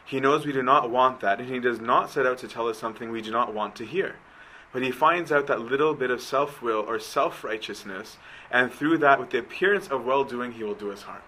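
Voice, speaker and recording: A man's voice: medium pitch, brisk, bright, forceful tone, a little hiss or hum, poor audio. A man giving a conversational church teaching. He reads a passage aloud, then explains it informally, checking in with "right?" and pressing his points earnestly. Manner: earnest and emphatic in exhortation.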